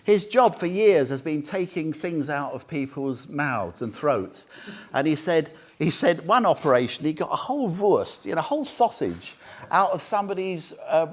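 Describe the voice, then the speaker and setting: A man giving an informal Buddhist talk to a small group, chatty and joking, often quizzing his listeners. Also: fairly high pitch. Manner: chatty, jokey, asks the group questions. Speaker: Buddhist teacher. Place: meditation centre room.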